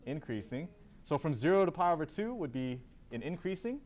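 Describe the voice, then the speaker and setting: A man's voice: a little high, very animated, brisk, a little mellow. A man teaching a calculus class, asking students questions, then answering them himself and repeating key terms. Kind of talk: classroom lecture.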